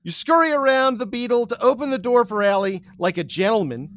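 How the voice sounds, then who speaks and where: A man telling a comic second-person story, deadpan and breaking into laughs. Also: very high voice. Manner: deadpan, slow, laughing through. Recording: recording with audible hiss.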